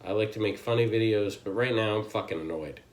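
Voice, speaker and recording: Speaking to camera on his channel, an American host launches into a furious, emphatic political rant full of constant profanity. He talks briskly in a voice on the low side.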